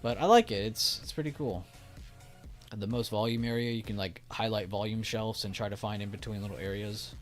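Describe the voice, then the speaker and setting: Young male streamer, slightly low voice, loose chatty delivery, faint music underneath. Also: brisk. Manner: loose and chatty, reads chat aloud, frequent restarts. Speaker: stock trading streamer. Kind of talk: casual live-stream chat.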